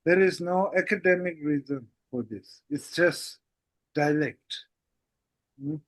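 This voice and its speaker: A man teaches a language lesson, his voice sitting high and his pace unhurried. He keeps coming back to the same little phrases as he explains. The sound is dry and close. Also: dry recording. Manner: repeats "that's it" and "how goes it". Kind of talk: casual online language lesson.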